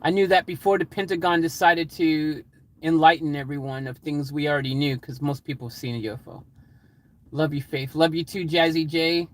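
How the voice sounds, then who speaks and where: On a livestream, a man with a fairly high voice talks a little fast, reading out chat comments and rambling excitedly with lots of laughter. The recording quality is low.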